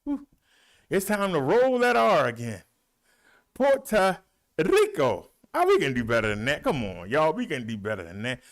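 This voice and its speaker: Animated, breathless man reading numbers. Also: medium pitch, fairly quick. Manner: animated, rolls his R's, folksy drawl. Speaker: preacher and show host. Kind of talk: casual livestream talk, reading daily stats.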